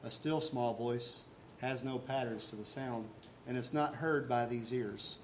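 A man's voice: medium pitch, steady tone, a little slow, a little hiss or hum. A man preaching a sermon as pastor, talking earnestly and conversationally and asking his listeners rhetorical questions.

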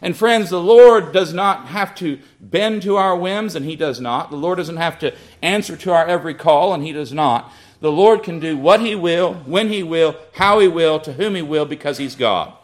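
A man's voice: on the high side, animated, moderate pace. A middle-aged man preaching a sermon, building emphasis and acting out quoted prayers.

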